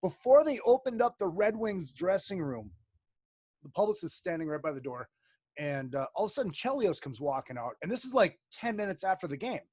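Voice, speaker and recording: A man's voice: sits high, big pitch swings, a little fast, darkish tone, no echo, clean studio sound. A man from Minnesota telling stories in casual chat, rambling with lots of fillers and swearing.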